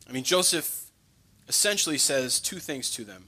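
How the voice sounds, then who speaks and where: A man's voice: medium pitch, big pitch swings, normal speed, sharp tone. A young adult man, a pastor, preaching a conversational sermon with joking asides to his congregation.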